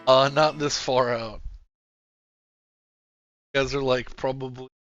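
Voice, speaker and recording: A man narrating as game master of a tabletop game, giving halting, unhurried descriptions. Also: medium pitch, steady tone, fairly bright tone, no echo. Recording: slightly dull sound with faint music.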